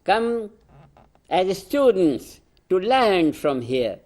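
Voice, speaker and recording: Slow, emphatic older Indian man. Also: high-pitched, sing-song, darkish tone. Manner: slow, emphatic, repeats phrases, laughs between points. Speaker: spiritual teacher. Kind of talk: proclamatory address.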